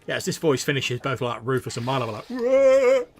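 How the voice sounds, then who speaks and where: A man's voice: medium pitch, steady tone, rapid-fire, a bit bright, faint music behind. A man narrating as game master in a loose, filler-heavy way.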